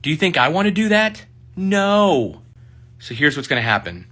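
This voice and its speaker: A man voicing an exasperated, gruff male Marine staff sergeant who rants in loud rhetorical questions. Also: on the high side, big pitch swings, normal speed, voice pushed up. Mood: wry.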